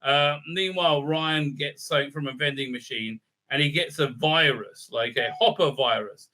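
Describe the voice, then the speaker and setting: A man's voice: on the high side, normal speed, pushed and bright. A man recapping and reviewing a TV episode in a rambling, sarcastic way, full of fillers and silly acted-out voices.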